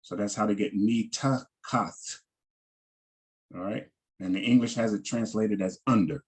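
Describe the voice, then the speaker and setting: A man teaching a language class, slowly repeating each word and its pronunciation and checking in with "all right" as he goes. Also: fairly low pitch, slightly rough. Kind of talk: slow vocabulary lesson over shared screen.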